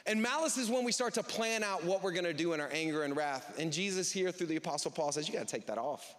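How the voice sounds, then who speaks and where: Male pastor, high voice, casual sermon style with acted-out quotes, long hall echo. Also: quick pace, a bit bright. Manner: conversational, acts out quoted voices. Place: church service.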